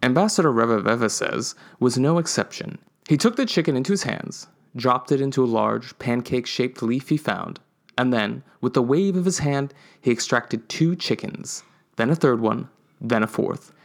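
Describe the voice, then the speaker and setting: Gravelly-voiced man reading a story. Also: mid-range voice, expressive, moderate pace. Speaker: podcast co-host reading a story. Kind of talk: scripted storytelling narration. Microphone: podcast microphone.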